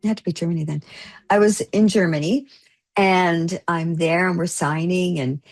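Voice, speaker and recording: A middle-aged woman, an actor guest, telling an emotional story in an interview, gushing and tearful, her voice climbing high when moved. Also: fairly even intonation, moderate pace.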